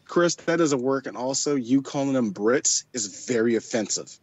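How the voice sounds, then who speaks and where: A man's voice: medium pitch, animated, moderate pace. A man co-hosting a casual movie chat, joking and teasing his friends. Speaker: podcast co-host.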